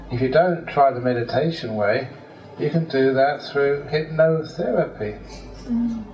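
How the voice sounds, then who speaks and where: A man, a Buddhist monk teacher, answering questions with humorous stories and chuckles in a hall at a Buddhist centre. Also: mid-range voice. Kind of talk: talk with storytelling. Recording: roomy hall, distant mic, faint noise.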